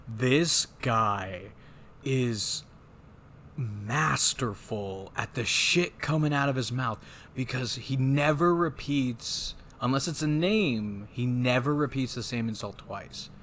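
A man co-hosting a casual movie podcast, retelling scenes in a loose, profane, animated way. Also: medium pitch, takes it slowly, slight background noise. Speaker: podcast co-host.

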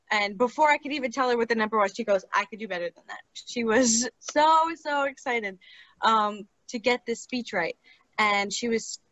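A young woman speech therapist recounts a client case in an earnest, chatty interview voice. Her voice sits fairly high, and the sound is close and dry, with no room around it. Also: no room sound, dull audio. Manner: earnest, conversational. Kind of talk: casual interview storytelling.

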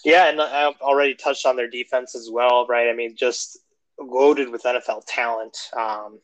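A man co-hosting a podcast in casual sports chat, relaxed and joking, recorded on his phone. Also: medium pitch, moderate pace, dry recording, low-quality recording. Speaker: podcast co-host.

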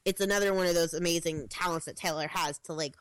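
A woman's voice: lowish voice, fairly even intonation, fast, dry recording. A young woman co-hosting a podcast in casual chat, talking with many "like" fillers and quoting her own thoughts. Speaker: podcast co-host.

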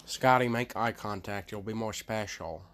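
A man co-hosting a podcast, talking loudly and cracking crude jokes in casual banter. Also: fairly low pitch, moderate pace, a little hiss or hum. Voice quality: loud, crude and joking. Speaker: podcast co-host.

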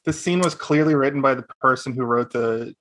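A man co-hosting a casual podcast, animated and swearing freely as he acts out quotes. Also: mid-range voice, fairly quick. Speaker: podcast co-host. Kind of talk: casual chat.

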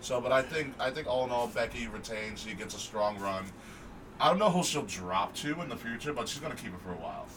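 A man co-hosting a wrestling podcast, relaxed and often restarting his sentences as he thinks aloud. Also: mid-range voice, brisk, distant mic, noisy background. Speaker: podcast co-host. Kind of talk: casual chat.

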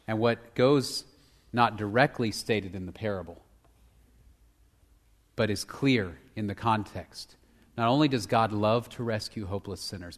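A male pastor preaching a sermon, shifting between emphatic, loud passages and hushed, near-whispered lines. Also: lowish voice, unhurried, long pauses. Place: church sanctuary. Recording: long hall reverb.

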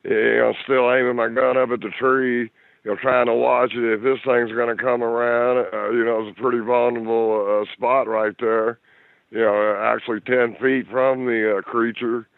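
A middle-aged man from Kentucky with a Kentucky accent, telling a story in a halting way full of fillers and restarts. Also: medium pitch, little pitch movement, creaky, no echo. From Louisville, Kentucky. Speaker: guest telling encounter story. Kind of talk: casual storytelling. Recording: tinny phone line.

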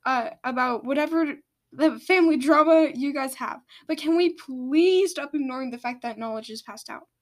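A woman's voice: high voice, normal speed, close to an everyday voice. A woman reading aloud and voicing a flustered, stammering male dragon.

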